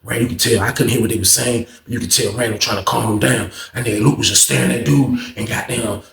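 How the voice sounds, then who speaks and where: A man's voice: mid-range voice, fast, creaky, reverberant. A man telling a story casually and profanely, acting out the people in it. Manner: animated, profane, acts out quotes. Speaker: storyteller host.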